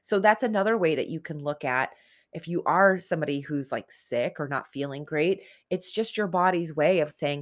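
A woman's voice: low-pitched, moderate pace. A woman in her forties giving an earnest, conversational motivational talk on self-help, speaking straight to her listeners. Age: 40s.

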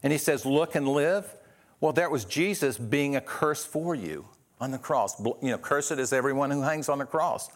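A man's voice: mid-range voice, normal speed. A man preaching a sermon as pastor, earnest, asking rhetorical questions and often restarting his sentences.

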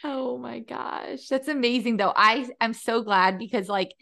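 A woman's voice: fairly high pitch, a little slow, gravelly, pushed and bright. A woman hosting a podcast interview, reacting often and asking follow-up questions in casual chat. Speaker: podcast host.

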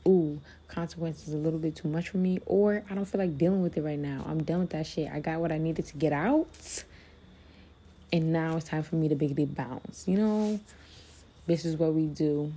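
Low-voiced woman hosting a candid podcast. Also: moderate pace, dark tone, husky. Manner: candid and profane, addresses listeners as loves. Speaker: podcast host. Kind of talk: casual motivational monologue.

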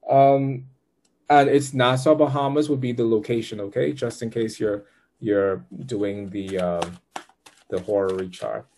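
A man's voice: fairly low pitch, steady tone, a little slow, darkish tone. A man giving a live tarot reading to a client, upbeat and chatty, with patient step-by-step directions. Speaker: tarot reader.

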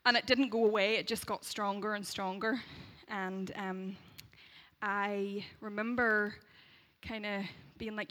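A woman in her thirties from Derry with a Northern Irish accent, telling a personal faith testimony in an animated way, laughing as she goes and acting out the voices she quotes. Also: mid-range voice, a little slow. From Derry, Northern Ireland. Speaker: speaker sharing a faith testimony.

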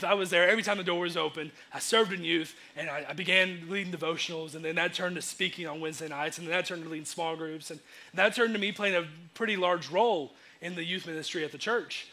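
A young man preaching a sermon in a casual, energetic way, acting out the quotes he tells. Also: high voice. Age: young adult. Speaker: youth preacher.

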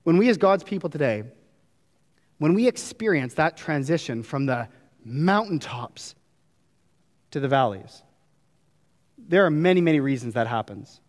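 A man's voice: a little high, very animated, unhurried, pauses often, in a large hall. A man preaching a sermon earnestly, acting out prayers with rising drama. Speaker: pastor.

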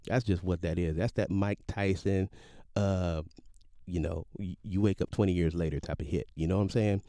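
A man in his late forties casually telling a personal story, animated and slangy, with sound effects. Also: deep voice, normal speed, no room sound, studio quality. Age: 40s. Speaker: podcast storyteller.

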